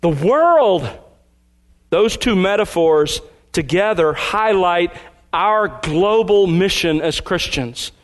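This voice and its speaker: In his sermon, a man speaking in a fairly high voice works through a passage emphatically. The pastor slows his delivery to stress important words.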